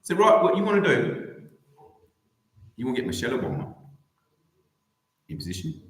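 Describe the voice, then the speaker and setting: A man's voice: medium pitch, huge pitch swings, normal speed. A man streaming, giving a rambling, mocking comedic commentary with lots of restarts. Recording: echoey room.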